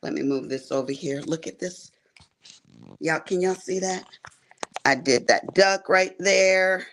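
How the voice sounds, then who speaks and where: A woman chatting on a sewing and embroidery livestream from her quilting area, animated, calling viewers honey and y'all. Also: on the low side, measured pace, a little hiss or hum. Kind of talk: casual livestream chat.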